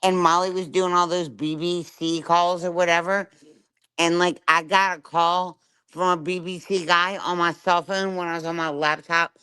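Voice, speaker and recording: Middle-aged woman streamer, clear voice, furious and foul-mouthed, hammers every point with "right?". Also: fairly low pitch, little pitch movement, normal speed, sharp tone. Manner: profane, confrontational, keeps asking "right?". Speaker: livestreamer. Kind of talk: angry live-stream rant.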